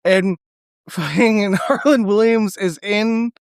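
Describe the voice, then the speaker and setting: Excitable podcast co-host, middle pitch, animated retelling, dry close mic. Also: takes it slowly, clear, resonant tone, no room sound. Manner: excitable, retelling scenes with laughter and swearing. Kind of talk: casual film discussion.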